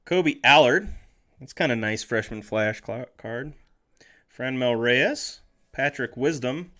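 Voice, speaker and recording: A man's voice: mid-range voice, animated, slow pace, sharp tone. Chatty man calling out cards on a stream. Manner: chatty, reads names aloud as he goes, jokes and corrects himself. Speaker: streamer opening trading card packs. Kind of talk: casual live-stream commentary.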